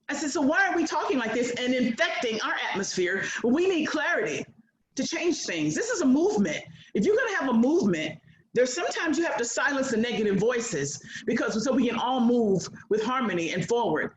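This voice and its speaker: A bold, preacher-like woman in her sixties delivers a motivational talk, her fairly high voice leaping up and down with lively swings. She speaks in an echoey room. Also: a little fast. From United States. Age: 60s. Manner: bold, preacher-like, mimics others. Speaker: guest speaker. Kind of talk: motivational speech.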